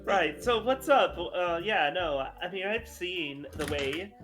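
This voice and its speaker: A man's voice: high voice, a little slow, a bit bright, soft background music. A man voicing a prim, well-mannered young crewman in a tabletop role-play, fussy and chatty. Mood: amused.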